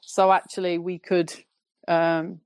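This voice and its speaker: A woman with a Northern English accent chats on a podcast as a guest, telling her story in a relaxed, rambling way. Her voice sits a little low, recorded close and dry. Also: takes it slowly, clean tone, no echo. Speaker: podcast guest, football fan. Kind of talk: casual podcast chat.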